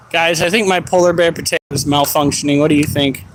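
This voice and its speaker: Slow-talking livestreamer man, joking and profane. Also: fairly high pitch, fairly bright tone, slight background noise, poor audio. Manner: profane, joking, scolds his dogs. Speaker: livestreamer caring for pets. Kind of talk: casual live stream chat. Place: at home with animals.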